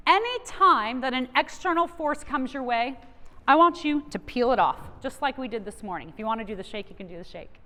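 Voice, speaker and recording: A woman's voice: high-pitched, lively intonation, normal speed, fairly bright tone. A woman giving a motivational keynote from a stage, coaching her audience directly with energy. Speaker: keynote speaker. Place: large event hall. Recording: long reverb of a large hall.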